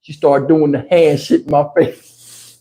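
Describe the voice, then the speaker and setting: High-voiced man telling a wild road story. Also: measured pace, slight background noise. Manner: animated, cussing, acts out people in the story. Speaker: channel host. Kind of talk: casual profane storytelling.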